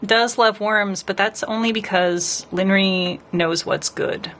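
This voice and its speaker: A woman's voice: medium pitch, fairly even intonation, slow pace, a bit bright, a little hiss or hum. A woman nail artist chatting casually with her live stream viewers as she paints, rambling and talking to the chat.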